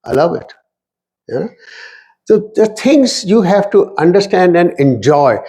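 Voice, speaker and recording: A middle-aged man with a slightly raised pitch delivers an animated talk. He tells stories in English with phrases woven in. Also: unhurried. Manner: lively, mixes Urdu phrases into English. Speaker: speaker at a community talk.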